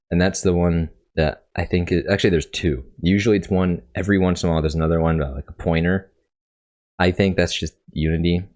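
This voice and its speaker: A man with a low, slightly mellow voice hosts a casual coding tutorial, thinking out loud and correcting himself along the way. He sounds congested and coughs.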